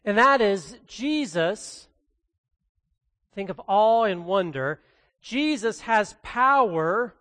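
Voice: medium pitch, fairly bright tone. Earnest pastor preaching in an echoing hall. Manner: earnest, conversational, emphatic on key phrases. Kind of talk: sermon with scripture reading.

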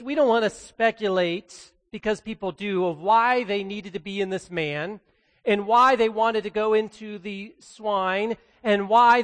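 An earnest pastor preaches in a relaxed, conversational way, pressing hard on the points that matter. The voice sits at a middle pitch. A long reverb trails each phrase, as in a big church hall. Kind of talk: sermon with scripture reading.

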